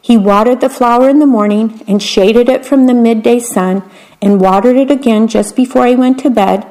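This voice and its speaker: A woman reading picture books aloud in a gentle, unhurried way, describing the pictures as she goes. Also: fairly high pitch, low-quality recording. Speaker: storyteller.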